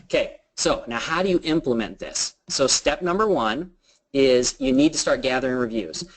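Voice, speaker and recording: A man telling an anecdote with lively quoted voices, then giving business advice. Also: mid-range voice, moderate pace, poor audio. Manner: animated storyteller acting out quotes. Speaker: business speaker. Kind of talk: storytelling business talk.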